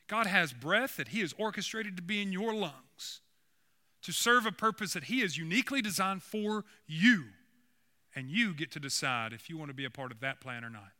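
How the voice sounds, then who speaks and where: A man's voice: sits high, sharp tone. A man preaching a sermon as pastor, earnest and building to emphatic points.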